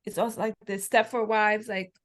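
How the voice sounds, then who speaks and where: A woman's voice: mid-range voice, flat delivery, moderate pace. A young adult woman co-hosting a podcast in casual chat, teasing and laughing often. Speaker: podcast co-host.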